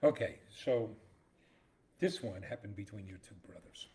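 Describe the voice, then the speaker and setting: A middle-aged man co-hosts a casual show, playfully telling jokes and acting out the characters in them. His lowish, dark voice is expressive and moves at normal speed, with a little hiss or hum in the audio.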